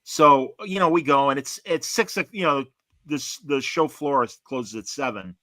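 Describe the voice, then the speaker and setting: A man co-hosting a podcast, telling a story in casual chat and acting out the other people's lines loudly. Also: mid-range voice, moderate pace, no room sound. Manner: animated storyteller, acts out quotes loudly. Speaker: podcast co-host.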